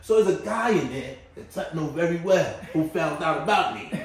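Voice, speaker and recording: A man from Brownsville, a podcast guest telling prison stories in a casual, animated way and acting out the voices. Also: a little high, normal speed. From Brownsville, New York. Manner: animated, acts out voices in his stories, keeps checking in with the listener. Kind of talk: casual storytelling. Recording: echoey room, distant mic, faint noise.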